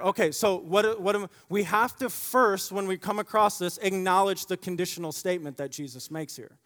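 A man preaching a sermon, repeating key phrases and swinging from loud emphasis to quiet asides. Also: high voice, normal speed. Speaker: pastor. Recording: long hall reverb.

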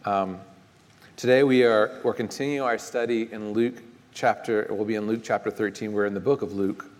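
A man with a Texan accent preaching a conversational sermon as pastor, relaxed and searching for his words. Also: lowish voice, moderate pace. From Texas. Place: church sanctuary. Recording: long reverb of a large church.

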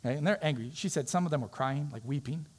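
A male pastor delivering a sermon, with a somewhat high-pitched voice. He talks in an earnest, conversational way and tells his story plainly to the congregation. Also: quick pace, darkish tone, breathy edge.

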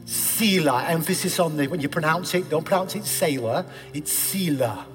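Male pastor, fairly high voice, emphatic sermon delivery, long church reverb, soft music underneath. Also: a little fast. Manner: emphatic preaching that swings from loud declarations to hushed pleas. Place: church sanctuary.

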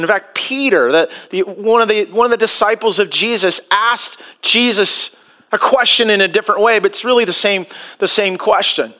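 A man preaching a sermon to a live congregation as pastor, animated, with frequent restarts and acted-out quotes. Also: high voice. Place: church before a live congregation.

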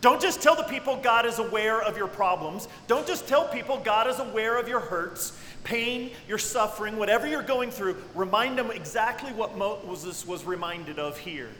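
A male preacher delivers a sermon with a bright, high-pitched voice. He swings from near-whispers to ringing cries. The sound is echoey, with a long hall reverb and faint ambient noise behind him. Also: lively intonation, normal speed, hardly any pauses. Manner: dynamic preaching, dropping to hushed tones then rising to cries. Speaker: pastor.

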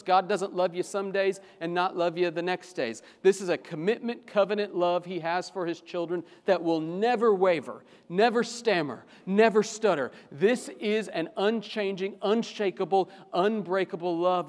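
Impassioned high-voiced male pastor preaching. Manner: impassioned, rising to fervent pleading. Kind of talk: sermon. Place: church sanctuary. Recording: long church reverb.

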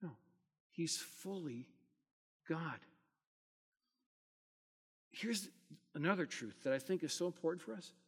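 A pastor delivers a sermon in an earnest, high-pitched voice. He swells loud on key phrases, then falls quiet between them. The sound carries a long hall reverb. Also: animated, takes it slowly, pauses often, slightly rough.

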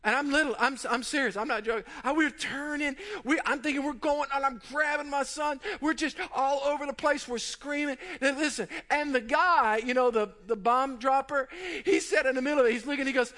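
A man who is a pastor, telling a funny story in a sermon as an animated storyteller who laughs through the tale. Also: extremely high pitch, normal speed, hardly any pauses, slight background noise.

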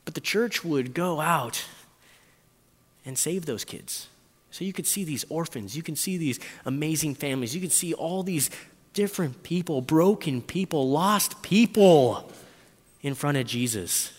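Male preacher, animated storyteller, expressive range, echoey hall. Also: fairly high pitch, husky. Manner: animated storytelling with quick voice swings, frequent "right?". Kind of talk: sermon.

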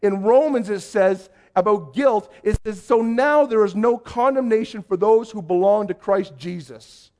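High-voiced man telling a sermon story. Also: a little slow, few pauses. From Canada. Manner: animated storyteller, acts out quoted voices. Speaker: youth pastor.

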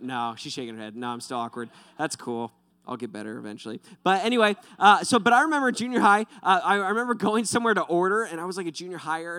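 A young man preaching, his voice bright and crisp. He tells animated, self-deprecating stories. The sound is dry and close. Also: fairly high pitch, dry recording. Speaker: pastor. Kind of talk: sermon with personal stories.

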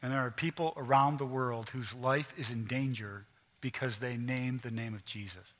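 A middle-aged male pastor preaching a sermon, emphatic at times and dropping to quiet, intense asides. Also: mid-range voice, fairly even intonation, moderate pace.

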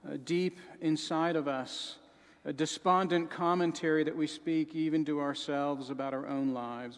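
High-voiced preacher in a reverberant hall. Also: male voice, steady tone, measured pace. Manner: dramatic, shifts between soft sorrowful and shouting. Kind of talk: sermon.

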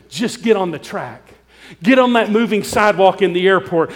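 A man's voice: sits high, long reverb tail. A pastor preaching a sermon, earnest and pleading as he urges his listeners.

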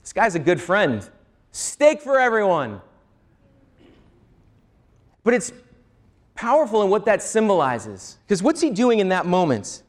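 A man with a high voice preaching a sermon. He explains a scripture passage in an earnest teaching manner. He often stops to ask the listeners rhetorical questions. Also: wildly swooping pitch, unhurried, pauses often. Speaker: pastor.

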